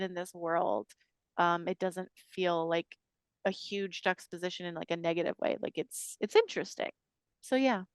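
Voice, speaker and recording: A woman's voice: medium pitch, smooth, dry recording. A woman co-hosting a podcast, chatting casually and hesitantly with lots of fillers. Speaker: podcast co-host. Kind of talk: casual chat.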